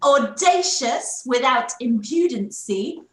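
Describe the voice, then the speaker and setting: Lady doing a flattering old-style curate, super slow and drawn out, bit high, echoey room over a call. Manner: flowery, flattering, deliberate delivery. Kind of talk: live online Shakespeare performance.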